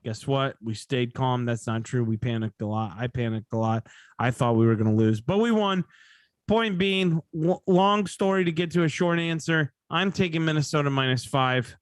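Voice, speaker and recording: A man's voice: mid-range voice, normal speed, clear, resonant tone, no echo, clean studio sound. Sleepy rambling male podcast host. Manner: rambling, self-correcting. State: sleepy, yawning. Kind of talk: casual sports betting chat.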